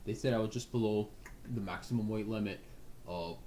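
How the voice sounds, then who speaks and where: A man voicing a slow-witted heavyset male agent who mumbles while chewing. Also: lowish voice, dark tone, slight background noise, close to an everyday voice. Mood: dazed.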